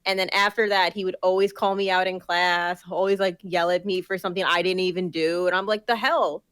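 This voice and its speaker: A woman's voice: lowish voice, steady tone, fairly quick, fairly bright tone, smooth, dry recording. A young woman in casual chat as a podcast co-host, telling a story full of swearing and acting out the people she quotes.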